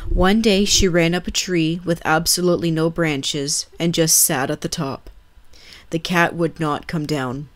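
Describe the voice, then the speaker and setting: A woman narrating scary stories in a calm, measured reading. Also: sits low.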